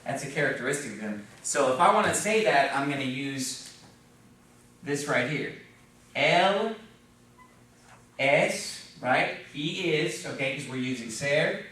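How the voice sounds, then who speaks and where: A man's voice: on the high side, lively intonation, a little slow, pauses often, sharp tone. Man teaching in a very echoey classroom. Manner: patient, checks in with frequent "okay?" and "right?". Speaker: Spanish teacher. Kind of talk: classroom lesson at a whiteboard. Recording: very echoey room, voice from far off.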